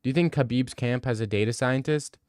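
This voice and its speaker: A man's voice: medium pitch, brisk, darkish tone, no echo, studio quality. A young man, chatting casually on a live stream and answering his chat in a brash, joking way. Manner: brash, joking, swears a lot.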